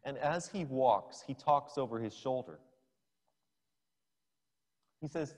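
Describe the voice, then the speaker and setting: A man's voice: medium pitch, expressive, takes it slowly, long pauses. A male preacher giving a sermon, retelling a scripture scene as a story for his listeners. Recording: long hall reverb.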